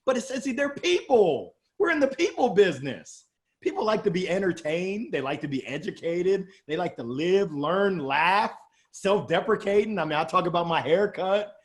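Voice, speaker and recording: A middle-aged man with a Southern drawl from Alabama, talking as a guest in an interview, animated and exuberant, joking about himself. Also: sits high. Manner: animated, exuberant, quick jokes. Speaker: guest sales coach. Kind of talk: energetic interview talk.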